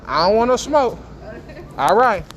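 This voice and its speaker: A man walks a supermarket with his phone, joking and teasing other shoppers. His voice sits rather high for a man. Steady store noise hums behind him. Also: measured pace. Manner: teasing, playful, talks to passers-by. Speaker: vlogger. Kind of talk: casual joking chat with strangers. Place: indoor supermarket. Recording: noisy store background.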